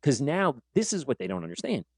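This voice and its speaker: A man's voice: mid-range voice, fairly quick, breathy edge, no room sound. Teacher guy hosting a podcast, voice jumps all over, dry close sound, acts out every quote. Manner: animated, acts out quoted dialogue. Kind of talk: casual conversational storytelling.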